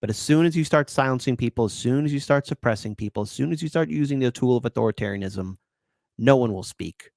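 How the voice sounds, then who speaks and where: A man hosting opinion commentary, animated and indignant, rambling with restarts. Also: mid-range voice, fast talker, vocal fry, no echo. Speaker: commentary host.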